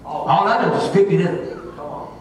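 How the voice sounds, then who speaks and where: A man preaching a sermon as pastor, an animated storyteller who laughs often as he talks. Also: a little high, takes it slowly, crowd noise. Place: church hall. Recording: echoey hall, distant mic, congregation audible.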